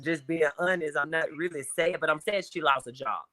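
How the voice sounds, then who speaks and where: A man from Mississippi with a Southern accent, calling in to a live show, earnest and repeating himself with halting starts. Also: a little high, sharp tone, dry recording. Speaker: caller. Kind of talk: casual phone-in chat.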